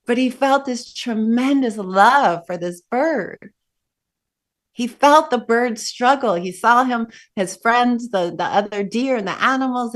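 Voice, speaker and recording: A woman meditation teacher telling a story during a dharma talk, animated and conversational with casual asides. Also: medium pitch.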